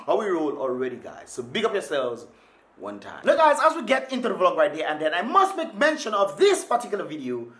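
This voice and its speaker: Guy vlogging, super animated, voice jumps all over, echoey room. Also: sits high, fairly quick. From Dominica. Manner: hype, animated, laughing asides. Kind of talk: casual vlog commentary.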